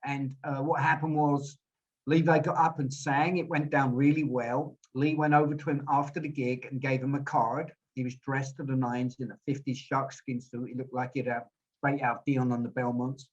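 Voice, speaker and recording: A man's voice: mid-range voice, little pitch movement, normal speed. A man in his sixties telling rambling stories as an interview guest, often repeating words as he goes. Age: 60s. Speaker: guest musician. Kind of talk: storytelling interview. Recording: dull lo-fi audio.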